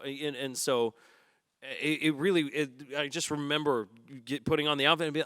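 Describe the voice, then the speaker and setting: Earnest man with a smooth, clear voice. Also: medium pitch, normal speed, sharp tone, no echo, clean studio sound. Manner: earnest and reflective, frequent restarts. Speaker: stage actor on a panel. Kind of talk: panel discussion.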